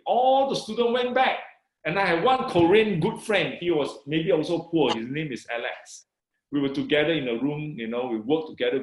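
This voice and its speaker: A middle-aged man from Malaysia telling his testimony in an interview, excited, peppering his story with "you know" and reading scripture with slow emphasis. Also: fairly high pitch, reverberant, poor audio. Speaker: guest sharing his testimony. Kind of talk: animated personal testimony.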